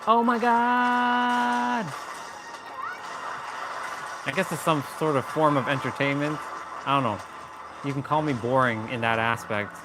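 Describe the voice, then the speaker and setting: A man's voice: mid-range voice, fairly even intonation, brisk, low-quality recording. A man chatting casually on a live gameplay stream, swearing and joking as he taunts enemies in the game. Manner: playful trash talk at enemies, swearing, joking.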